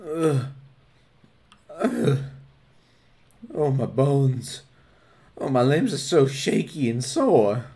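A man's voice: mid-range voice, sing-song, slow pace, a little mellow, voice pushed down. A man doing a manic moody fisherman. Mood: weary. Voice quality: hillbilly drawl, wild mood swings from moping to whooping. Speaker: gameplay voice actor. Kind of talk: comedic character play over a game.

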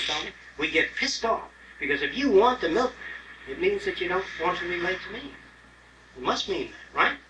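A man's voice: high voice, a little fast, noisy background. An older man giving a live lecture, blunt and profane, telling stories and acting out quotes. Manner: blunt, profane, animated storytelling with acted-out quotes. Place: lecture hall. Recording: roomy 1979 lecture tape, mic at a distance.

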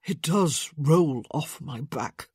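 A woman voicing a sick young gentleman with a fever, croaking and mumbling slowly with dry, deflecting humor in an audiobook. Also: fairly low pitch, lively intonation, dry recording, heavily acted. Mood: weak, wry. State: ill, weak. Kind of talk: audiobook character voice.

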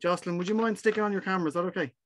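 A man's voice: high-pitched, steady tone, rapid-fire, fairly bright tone. A friendly, informal man hosting an online gathering over a video call. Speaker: event host.

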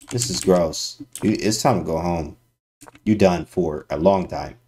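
Man, deep voice, chess stream commentary, slangy, talks to chat, bursts of excitement. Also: unhurried, husky. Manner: animated, slangy, talks to chat, sudden loud exclamations. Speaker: chess streamer analyzing his game. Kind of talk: casual livestream commentary.

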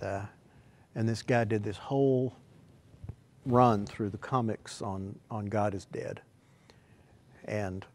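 A man preaching a sermon, swinging between quiet, hushed asides and loud, emphatic exclamations. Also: fairly low pitch.

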